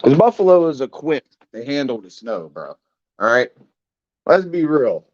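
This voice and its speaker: A man's voice: mid-range voice, sing-song, unhurried, a little mellow, muffled recording. A man, angrily ranting on a live stream as a sports fan and swearing often. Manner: angry, profane ranting.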